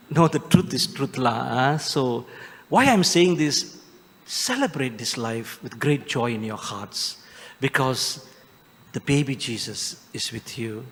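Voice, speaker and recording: A man with a Malaysian English accent, a Catholic priest giving a homely, joking Christmas homily with drawn-out emphatic phrases. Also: medium pitch, animated, fairly bright tone. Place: large church. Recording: long church reverb.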